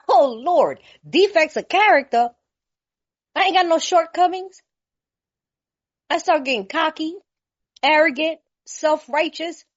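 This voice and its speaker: A woman from California shares her recovery story with a slightly high voice, laughing often and talking in a loose, colloquial way. The sound is a bit muffled and lo-fi. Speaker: recovery meeting speaker.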